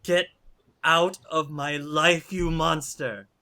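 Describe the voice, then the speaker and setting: A man voicing a frightened, furious young woman in a tabletop game, shrieking in a high voice. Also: fairly even intonation, slow, heavily acted. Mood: screaming, furious. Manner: shrieking, high-pitched and loud.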